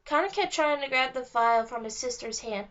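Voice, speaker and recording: A woman with a high voice reads a children's book aloud in an expressive storytelling manner. The recording is dull and lo-fi. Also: normal speed. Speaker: reader. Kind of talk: children's book read-along narration.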